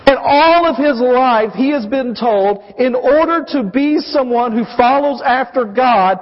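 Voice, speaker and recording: A man's voice: extremely high pitch, expressive, moderate pace. A man in his thirties, a pastor preaching a sermon, emphatic and questioning his congregation. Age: 30s. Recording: dull audio with long hall reverb.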